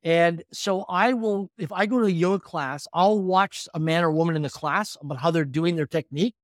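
Fast-talking man in his fifties. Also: on the high side, no echo, clean studio sound. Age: 50s. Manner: energetic, animated storytelling. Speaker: podcast guest. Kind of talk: storytelling in conversation.

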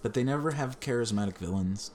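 Dry-humored man, mid-pitched voice. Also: fast, a little mellow, a little hiss or hum. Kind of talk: casual chat.

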